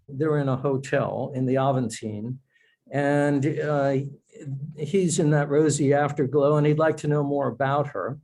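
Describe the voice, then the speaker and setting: A man's voice: on the high side, a little mellow, poor audio. A man, an author, speaking as a guest in a podcast interview, explaining in a thoughtful, self-correcting way.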